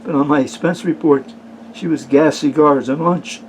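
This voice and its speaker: Man, joke teller, folksy, unhurried, filler pauses, slightly high pitch, faint AC hum. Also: steady tone, rough recording. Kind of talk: casual joke telling.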